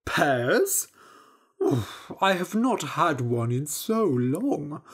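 A woman's voice: sits low, sing-song, drawn-out words, slightly rough, heavily acted. A woman doing a trusting, hearty farmer. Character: gullible, friendly middle-aged farmer.

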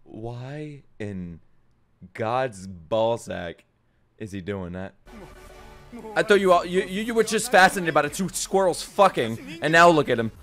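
A man reacting to an anime episode, talking back at the screen in excited bursts, joking, swearing and laughing. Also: mid-range voice, unhurried, faint music behind. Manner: excitable, shouting outbursts and swearing; jokey running commentary, laughs often. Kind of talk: live reaction commentary.

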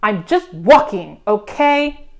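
A woman's voice: mid-range voice, very animated, slow pace. A woman voicing a grumpy, snappish little male bird in a storybook read aloud. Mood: irritated. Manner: irritable, snapping.

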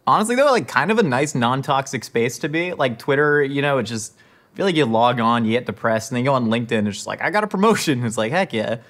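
As host of a scripted comedy monologue to camera, a man rambles through awkward dinner-table small talk, stumbling over fillers, restarting, and drifting between topics. His mid-range voice is a bit bright, with lively intonation and a fast pace, and no recording fault is noted.

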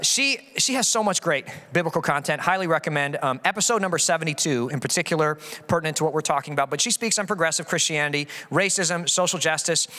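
A male pastor delivers a sermon in a quick, lively rush and often slips into the voices he quotes. His voice sits high and bright. A long hall reverb trails his words. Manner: animated, acts out quoted voices.

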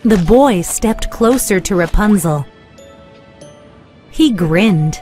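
A woman narrating a children's storybook in a slow, clear, expressive way. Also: medium pitch, soft background music.

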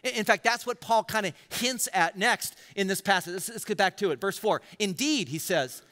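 A man preaching a sermon as pastor, energetic, with repetition and quoted scripture in a church auditorium. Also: sits high, moderate pace. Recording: church hall reverb.

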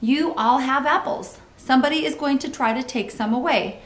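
A woman reading aloud as a cheerful, literal-minded housekeeper in a children's storybook, with a bright, sing-song delivery. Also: high-pitched, normal speed, pitched above the performer's own voice, lightly acted. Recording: roomy echo.

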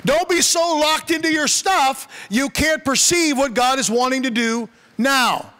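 Bright-voiced man preaching with humor. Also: very high-pitched, measured pace. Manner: conversational, humorous storytelling. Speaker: pastor. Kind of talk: sermon. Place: church sanctuary. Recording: long church reverb.

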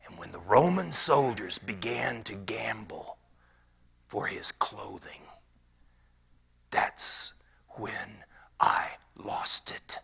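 Man playing gravelly old Simon the Zealot. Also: on the low side, expressive, extremely slow, long pauses, exaggerated voice. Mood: hushed. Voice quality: gravelly, often dropping to a whisper. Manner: storytelling that swings from hushed whispers to loud outbursts. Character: Simon the Zealot, older man, ex-rebel turned peaceful wood carver. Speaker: pastor. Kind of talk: dramatic character monologue.

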